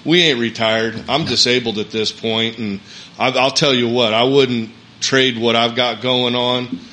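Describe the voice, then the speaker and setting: Bright-voiced man speaking earnestly. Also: medium pitch, fairly even intonation, a little slow. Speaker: podcast guest. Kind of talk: casual chat.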